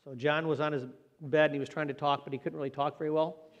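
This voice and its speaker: A man preaching a Sunday sermon in an earnest, plain-spoken way, slowing down for emphasis. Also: a little high, little pitch movement, lo-fi sound. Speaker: pastor. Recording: long hall reverb.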